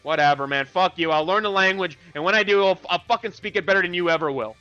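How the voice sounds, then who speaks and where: A man's voice: high voice, fast, sharp tone. A man in a heated online voice chat, ranting in a profane, provocative way. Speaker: voice chat participant. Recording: lo-fi voice chat with faint music.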